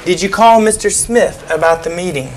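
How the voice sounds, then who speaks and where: An actress playing a businesslike female office manager who speaks firmly and clearly. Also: fairly low pitch, normal speed, a little hiss or hum, natural voice.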